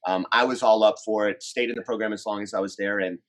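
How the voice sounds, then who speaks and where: A man in his forties from the United States tells stories in a relaxed interview. His voice sits a bit low, and he talks in an animated, chatty way, often acting out what other people said. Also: quick pace. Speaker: relationship coach, guest. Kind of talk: casual interview storytelling.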